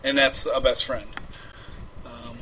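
A man's voice: mid-range voice, little pitch movement, slow pace, very noisy. A man hosting a homemade prank call show, chatting casually, rambling and laughing as he reads out his ads. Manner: rambling, laughs often, trails off into mumbling. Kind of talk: casual live show chat.

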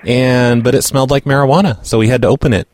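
A man's voice: mid-range voice, fairly even intonation, fast talker, darkish tone, no room sound. A man hosting a prank call radio show, brash and profane, talking casually and posing as an official on calls.

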